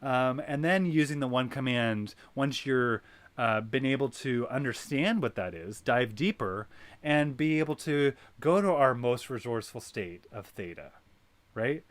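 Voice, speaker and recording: A man hosting a wellness circle, talking in an animated coaching way that is full of "right?" and "you know". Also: mid-range voice, a little slow, dry recording. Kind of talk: guided wellness talk.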